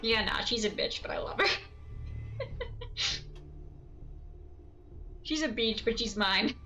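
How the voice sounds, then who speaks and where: A woman streamer chats casually while she plays, rambling from one story to the next and laughing often. Her voice is bright and sharp and sits fairly high. She is recorded at a home streaming setup. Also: animated, fairly quick, a little hiss or hum, low-quality recording. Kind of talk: casual chat while gaming.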